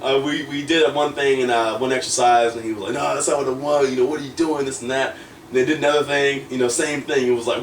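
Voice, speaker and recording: Telling a story in a laid-back interview, the wrestler guest rambles with lots of filler words and acts out what people said, his mid-range voice quick and fairly even in intonation. He's recorded from a distance in a roomy space, and faint noise sits underneath.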